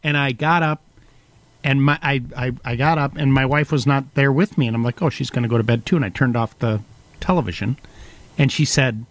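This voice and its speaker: A man's voice: medium pitch, brisk, poor audio. A man hosting a home improvement radio show, telling playful stories in casual banter. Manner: animated storyteller, playful. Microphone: studio microphone.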